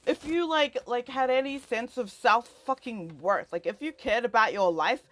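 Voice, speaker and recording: Young adult woman, casual rant; swears freely, rambles, gets louder as she gets worked up. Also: fairly high pitch, normal speed, few pauses, dry recording. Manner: heated, profane, rambling, filler-heavy. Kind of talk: angry personal rant to a friend.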